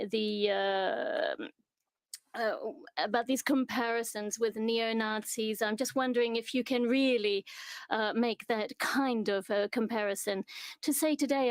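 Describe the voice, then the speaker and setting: A woman interpreting a delegate's speech as it is given, halting, with many pauses and fillers. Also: a little high, no echo.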